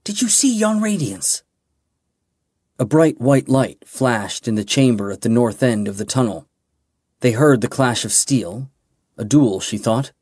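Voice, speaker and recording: A man reading a fantasy audiobook in a measured, dramatic way. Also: mid-range voice, darkish tone, dry recording, clean studio sound. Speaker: audiobook narrator. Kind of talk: scripted fantasy narration.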